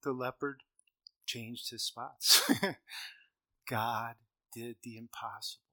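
Middle-aged guy preaching, bright forward voice, big hall, gets loud then drops real quiet. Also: medium pitch, fairly even intonation, takes it slowly. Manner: storytelling with shifts between loud emphasis and quiet. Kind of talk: sermon.

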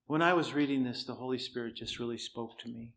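Guy preaching, chatty storytelling, dry jokes, can't really shout. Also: mid-range voice, fast. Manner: storytelling, conversational, self-deprecating humor. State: cannot shout, voice strained. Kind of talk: sermon with personal story.

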